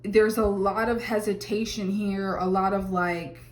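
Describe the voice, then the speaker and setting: A woman's voice: medium pitch, fairly even intonation, measured pace, reverberant. A woman giving a casual tarot reading to camera, chatty, with many fillers and exclamations. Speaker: tarot reader.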